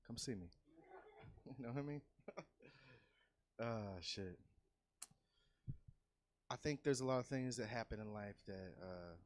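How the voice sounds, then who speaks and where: On a comedy club stage, a Californian man performs a loose, profane stand-up set that swings from easy chatter into loud, yelled bits. His voice is lowish and the recording is dry.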